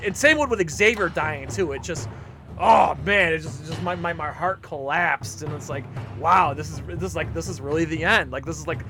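A man chatting casually, halting and trailing off often as he talks. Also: on the high side, music in the background. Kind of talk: casual chat.

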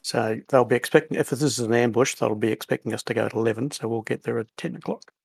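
A man's voice: mid-range voice, fast, creaky, slightly rough, no echo. A man playing a tabletop game, chatting and joking in an easygoing way. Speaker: player. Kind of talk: casual tabletop chat.

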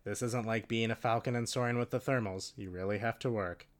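A man's voice: mid-range voice, fairly even intonation, fairly quick, close to an everyday voice. A man reading the lines of a serious teenage boy who leads the group, firm and directive.

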